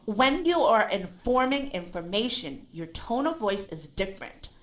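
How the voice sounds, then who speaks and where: A woman's voice: mid-range voice, big pitch swings, moderate pace, a bit bright, muffled recording. A woman teaching English one-on-one, emphatic and always checking with "right?". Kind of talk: one-on-one language lesson.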